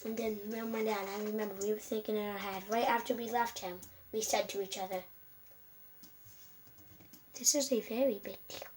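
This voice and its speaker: A woman's voice: medium pitch, level tone, quick pace, hardly any pauses. A female vlogger telling a casual storytime, rambling and restarting her sentences with many fillers. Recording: voice from a distance with faint background hum.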